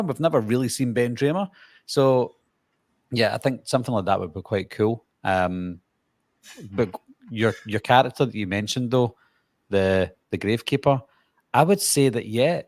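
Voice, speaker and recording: A man's voice: medium pitch, no echo, clean studio sound. A man from Glasgow with a Glaswegian Scottish accent, co-hosting a casual chat and giving firm opinions about films. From Scotland. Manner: chatty, opinionated about film. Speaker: podcast co-host.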